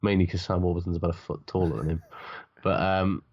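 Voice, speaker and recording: Man, middle-aged, very low voice, sweary, dry grumbling, casual banter, muffled lo-fi sound. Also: steady tone, a little fast, a little mellow, husky. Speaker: podcast co-host.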